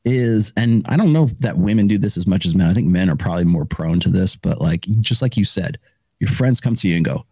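A man's voice: sits low, lively intonation, fairly quick, warm tone, breathy edge, no echo. A man hosting a casual conversation, rambling and acting out what other people said. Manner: rambling, acts out quoted voices.

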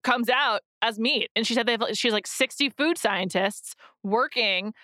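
A woman co-host chats casually, her voice bright and forward. She talks in bursts full of "like" fillers and quick restarts. The sound is dry and close, with no room around her. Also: a little high, dry recording. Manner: chatty, many "like" fillers and restarts. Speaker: podcast co-host. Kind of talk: casual chat. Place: in New York.

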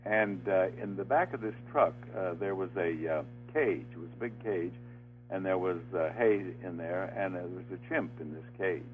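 Older man telling stories over phone. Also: low-pitched. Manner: halting anecdote full of uh fillers, laughing as he tells it. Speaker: interview guest, former game show host. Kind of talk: storytelling in an interview. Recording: tinny phone line with faint music.

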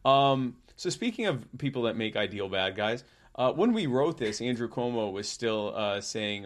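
Rambling, sarcastic male co-host, low-pitched, casual comedy banter. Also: fairly quick, vocal fry, few pauses. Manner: rambling, sarcastic, with filler words. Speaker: podcast co-host. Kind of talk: casual political comedy chat.

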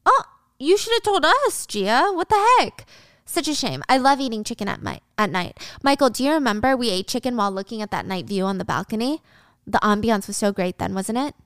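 A woman's voice: fairly high pitch, lively intonation, fairly quick, fairly bright tone, smooth, no echo, clean studio sound. A woman voicing a sweet-talking, two-faced young woman who is a backstabbing best friend. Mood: sugary. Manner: sugary, chirpy.

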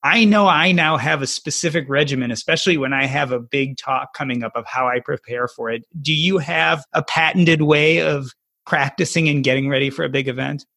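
A man's voice: on the high side, brisk, creaky, bright, forceful tone. A man moderating a casual panel discussion, asking guests questions and steering the talk.

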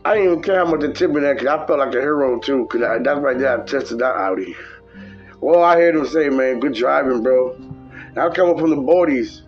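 Profane, animated man with lo-fi sound. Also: fairly quick, soft background music. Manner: profane, animated, mimics people in high voice. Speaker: podcast host telling driving stories. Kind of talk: casual storytelling.

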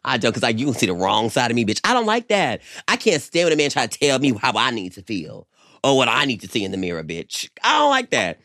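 A man's voice: medium pitch, quick pace, dry recording, clean studio sound. A man co-hosting a casual podcast, talking animatedly and swearing often as he chats with a friend. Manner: animated, swears often, calls people girl. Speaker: podcast co-host. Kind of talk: casual chat.

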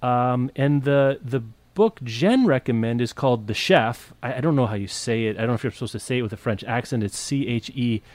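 A man's voice: mid-range voice, a little fast, hardly any pauses, a little mellow, no room sound. A man co-hosting a podcast, enthusiastic and rambling as he recommends books with many restarts. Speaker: podcast co-host. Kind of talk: casual book chat.

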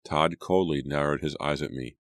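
A man narrating a teen thriller audiobook with steady, dramatic pacing. His voice sits very low, and the recording is dry and close with no room sound. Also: normal speed, no echo. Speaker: audiobook reader.

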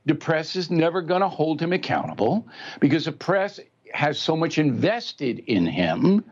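A man's voice: fairly high pitch, husky, highs cut off. An older man in his seventies giving blunt, emphatic political commentary in a talk show interview, mocking politicians by mimicking them.

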